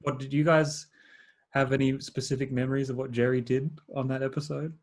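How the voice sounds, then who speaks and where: Male podcast host, middle pitch, easygoing banter with plenty of swearing. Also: little pitch movement, fairly quick. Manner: laid-back, swears, laughs often. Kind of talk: casual chat.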